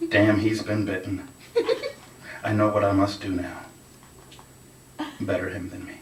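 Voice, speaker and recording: A man's voice: fairly low pitch, flat delivery, unhurried, distant mic, background noise. Man rapping a story live in an echoey venue. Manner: rhythmic, rhyming delivery. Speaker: spoken word performer. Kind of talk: live spoken word and rap storytelling. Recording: echoey room, mic from afar. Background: music playing.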